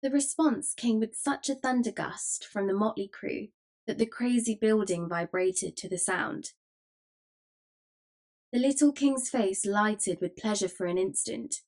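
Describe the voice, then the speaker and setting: A woman narrates a classic novel in a measured, scripted storytelling voice. Her pitch sits comfortably in the middle range. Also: darkish tone. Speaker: audiobook narrator.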